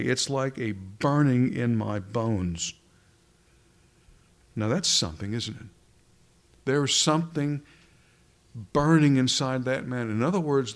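A man preaching from a pulpit microphone in a sermon. His delivery is dramatic, slowing down on key words and sinking to a hush for emphasis. His voice sits at an ordinary middle pitch for a man. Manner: dramatic preaching, slows down for emphasis, drops to a whisper at times.

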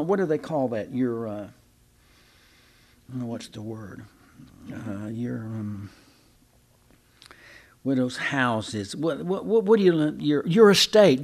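A man's voice: medium pitch, darkish tone. Folksy preacher man. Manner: conversational, repeats and restarts, folksy asides. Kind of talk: sermon.

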